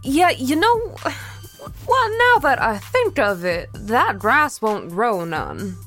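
A woman voicing a gruff, teasing older man neighbor with a growling southern drawl, raised in pitch and energy. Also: huge pitch swings, slow pace, fairly bright tone, faint music behind, full character voice.

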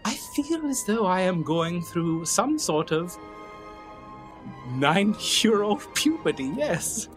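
A player speaking in character at a tabletop game in a formal, measured manner. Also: mid-range voice, big pitch swings, faint music behind. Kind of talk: in-character tabletop role-play.

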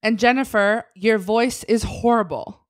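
A woman playing a blunt, bossy HR representative in a comedic tabletop game, stern and deadpan. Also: a little high, measured pace, lightly acted. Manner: stern, deadpan insults, frequent laughing. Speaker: guest player.

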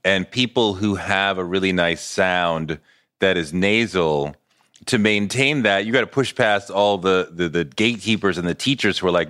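A man's voice: lowish voice, lively intonation, normal speed, a bit bright. A man hosting a casual interview, asking rambling, searching questions full of fillers. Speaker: podcast interviewer.

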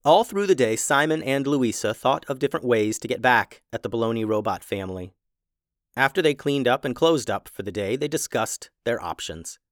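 Expressive man reading a kids' story. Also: mid-range voice, normal speed, dry recording, clean studio sound. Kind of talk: children's story narration.

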